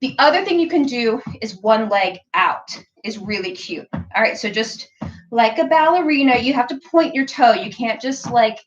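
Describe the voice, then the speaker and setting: A woman's voice: on the high side, expressive, moderate pace, highs cut off, a little hiss or hum. A woman hosting a casual live-stream tutorial, chatty and playful, with lots of "like" and "um". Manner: chatty, frequent "like" and "um", bursts of playful sounds. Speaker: sewing pattern designer hosting a live stream.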